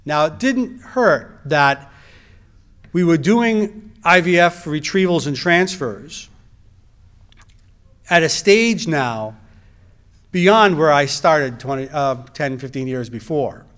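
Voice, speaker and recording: A man's voice: fairly high pitch, lively intonation, slow, long pauses, a bit bright. A middle-aged man, a reproductive endocrinologist, giving a personal testimony in a conversational storytelling way, with wry asides and frequent restarts.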